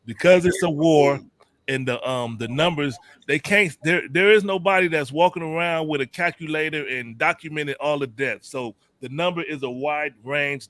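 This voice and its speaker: A man with a somewhat high voice moderates a casual panel podcast. He explains points steadily and cites figures. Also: a bit bright.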